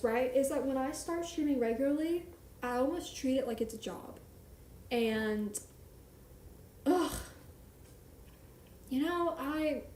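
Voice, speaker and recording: A woman's voice: high voice, darkish tone, a little hiss or hum. Candid chatty woman streamer. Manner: candid, rambling, self-deprecating. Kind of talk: casual chat on a live stream. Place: apartment living room floor. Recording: roomy echo.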